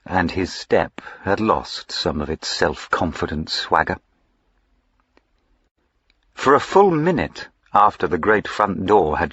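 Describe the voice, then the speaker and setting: A man reading a classic novel aloud as an audiobook narrator, in a measured, expressive storytelling manner. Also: low voice, slightly rough, no echo, highs cut off.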